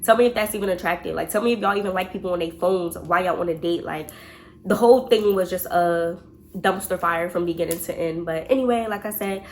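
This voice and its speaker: A young woman vlogger telling a storytime, chatty and animated, talking straight to her viewers. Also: on the low side, quick pace, slight background noise. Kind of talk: storytime vlog.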